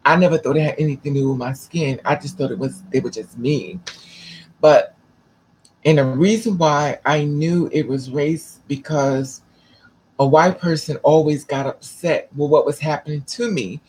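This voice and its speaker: Man, husky voice, slightly high pitch, rambling casual vlog storytelling, swears freely. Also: moderate pace, darkish tone. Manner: rambling, restarts, profane. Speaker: vlogger.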